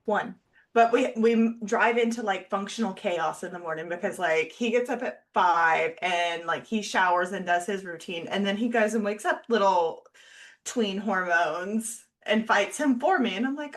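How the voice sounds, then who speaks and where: A woman's voice: medium pitch, normal speed. A woman co-hosting a podcast in casual chat, wry and joking, with lots of "like". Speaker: podcast co-host.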